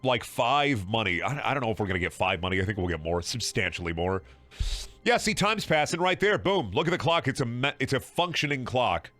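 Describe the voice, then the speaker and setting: Bright, lively young man streaming a game. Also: mid-range voice, a little fast, no room sound, faint music behind. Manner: sarcastic, rambling, profane, with frequent laughing and repeated words. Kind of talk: casual game livestream commentary.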